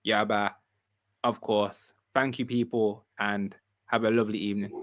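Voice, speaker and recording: A man hosting a football fan livestream in casual chat, relaxed and repeating phrases. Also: lowish voice, moderate pace.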